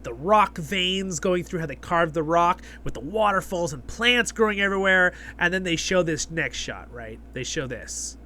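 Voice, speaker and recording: Geeky guy gushing over an episode, bright forceful voice, kinda high. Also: normal speed, few pauses, a little hiss or hum. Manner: excitable, geeky, retells scenes with asides. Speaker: host of a review channel. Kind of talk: casual episode review commentary.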